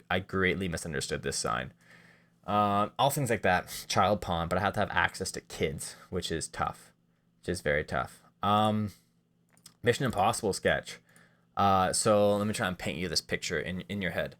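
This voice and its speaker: Low-voiced man rambling through sketch ideas. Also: a bit bright. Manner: rambling, self-deprecating, many fillers. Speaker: comedian pitching sketch ideas. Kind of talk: casual monologue.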